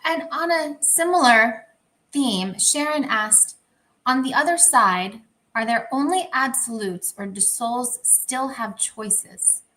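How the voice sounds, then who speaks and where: A woman co-hosting a spiritual Q&A, speaking in a measured, slightly hesitant way as she reads out viewers' questions. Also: a little high, bright, forceful tone, low-quality recording. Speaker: co-host. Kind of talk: casual talk, reading out questions.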